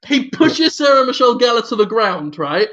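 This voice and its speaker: Man, podcast co-host, high bright gravelly voice, rambling comic story, dull lo-fi audio. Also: big pitch swings, normal speed. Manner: rambling, punctuated with "right?". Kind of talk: comedic improvised storytelling.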